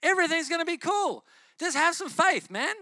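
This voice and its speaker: A preacher acting out a breezy, high-voiced man calming a crowd. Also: brisk, no echo, studio quality, full character voice. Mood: breezy, coaxing. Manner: excited, coaxing, slangy. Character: laid-back, breezy man reassuring a crowd.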